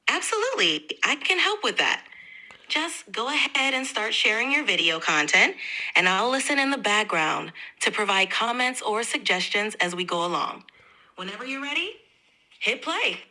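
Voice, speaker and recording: This is a synthetic woman's voice from an AI assistant, very bright and crisp in tone. She talks in a polite, upbeat way and is always eager to help. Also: fairly high pitch, very animated, moderate pace, rough recording.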